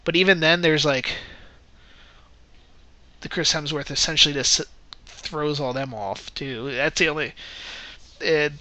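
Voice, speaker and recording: A man's voice: fairly high pitch, fairly even intonation, a little slow, long pauses, bright, forceful tone. A man giving a casual spoken movie review, rambling and correcting himself as he goes, often breaking into laughter. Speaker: film reviewer.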